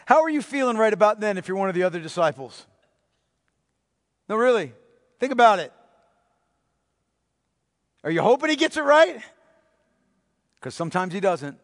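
A man preaching a sermon as pastor, emphatic, asking the congregation rhetorical questions and dropping to a hushed voice for effect. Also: sits high, sing-song, moderate pace, pauses often, long reverb tail. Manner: dramatic drops to a hushed voice.

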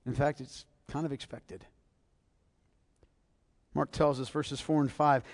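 A male pastor preaching a sermon, moving from hushed near-whispers to loud, emphatic passages full of rhetorical questions. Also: medium pitch, steady tone, slow pace, pauses often, dry recording, studio quality.

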